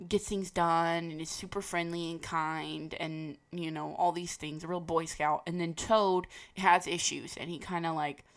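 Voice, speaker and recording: A woman giving a casual, rambling personal talk, full of fillers and restarts, with a gravelly voice. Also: fairly low pitch, fairly bright tone.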